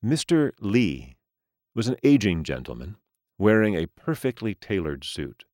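A man reading a story aloud as narrator, in a slow, expressive style. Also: on the low side, no echo, clean studio sound.

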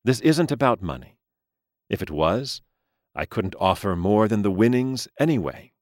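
A man voicing Mister Lee, an aging, smooth-spoken crime boss with a calm, formal, measured manner. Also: fairly low pitch, no room sound, clean studio sound, pitched above the performer's own voice, close to an everyday voice.

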